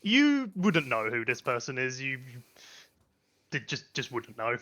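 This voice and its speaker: A man narrating as game master of a tabletop game, halting often with fillers. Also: mid-range voice, sing-song, pushed and bright, slight background noise. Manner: hesitant, many fillers. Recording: lo-fi mic.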